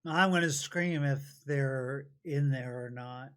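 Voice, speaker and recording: A man's voice: medium pitch, slow pace, fairly bright tone, clear, resonant tone. A man playing a tabletop game, eager and jokey as he takes his turns. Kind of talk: casual chat.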